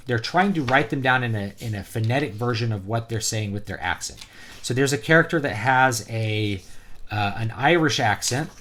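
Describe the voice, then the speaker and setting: A man's voice: medium pitch, fairly bright tone, slight background noise. A man giving a casual, opinionated product review, talking conversationally with plenty of fillers. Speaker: book reviewer and author.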